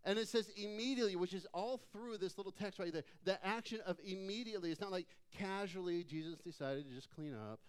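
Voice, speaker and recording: Pastor guy preaching, smooth clear voice, kinda high, goes real soft and low for the big lines. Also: a little fast, hardly any pauses. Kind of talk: sermon.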